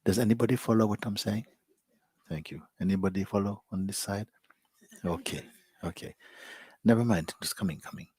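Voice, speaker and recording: A man as a spiritual teacher, giving a reflective, unhurried satsang talk to a live gathering and often softening almost to a whisper. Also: lowish voice, breathy edge, dry recording, studio quality.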